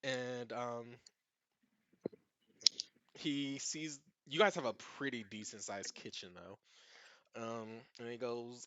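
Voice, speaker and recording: A man's voice: medium pitch, fairly even intonation, takes it slowly, long pauses, a bit bright, no room sound. A man narrating a tabletop game as its game master, easygoing and often laughing.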